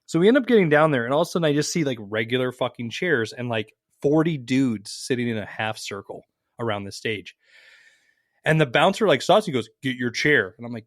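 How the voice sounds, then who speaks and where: A man's voice: medium pitch, brisk, dry recording, clean studio sound. A man from Las Vegas co-hosting a podcast, telling stories in casual chat and swearing freely as he acts out what people said. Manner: animated storytelling, swears freely, acts out quotes. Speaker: podcast co-host.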